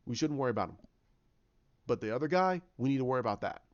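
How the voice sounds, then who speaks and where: A man voicing a calm, resolute male superhero in his own voice, speaking steadily and matter-of-factly. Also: medium pitch, quick pace, no echo, lightly acted. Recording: dull lo-fi recording.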